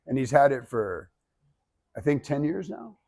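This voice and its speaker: A man's voice: mid-range voice, big pitch swings, measured pace, gravelly, darkish tone. A man giving blunt, emphatic feedback as a speaking coach, with some swearing. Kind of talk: workshop feedback.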